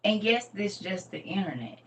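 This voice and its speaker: A woman's voice: medium pitch, expressive, normal speed, fairly bright tone. A middle-aged woman, rambling and folksy as she hosts a casual livestream lesson. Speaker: livestream host and teacher. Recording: distant mic with faint background noise.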